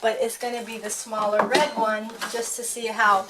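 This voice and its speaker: A woman's voice: on the high side, flat delivery, normal speed, noisy background. Chatty woman training her dog at home. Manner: chatty, talks to the dog and voices his thoughts. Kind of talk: casual training demonstration.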